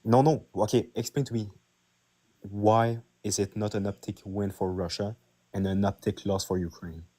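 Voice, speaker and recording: Lower-voiced French Canadian man debating. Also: steady tone, normal speed, a little mellow. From Quebec, Canada. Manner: persistent questioning. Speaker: debate participant. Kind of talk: political debate.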